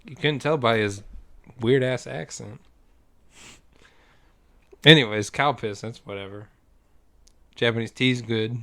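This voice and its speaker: A man's voice: medium pitch, a little slow, gravelly, long pauses, pushed and bright. A man from the United States co-hosting a casual podcast chat, loose and profane, laughing as he talks. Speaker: podcast co-host.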